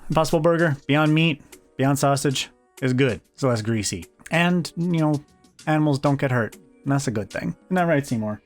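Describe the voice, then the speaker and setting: A man's voice: mid-range voice, moderate pace, faint music behind. A young man chatting casually to the camera in a vlog, joking and rambling with self-deprecating asides. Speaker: vlogger.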